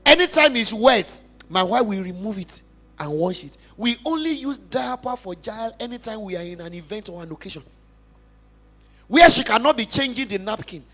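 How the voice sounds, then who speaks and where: A young adult pastor from Nigeria with a Nigerian accent, giving an emphatic, passionate sermon testimony in church. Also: male voice, high-pitched, expressive, normal speed. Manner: emphatic, passionate preaching with big swings in loudness.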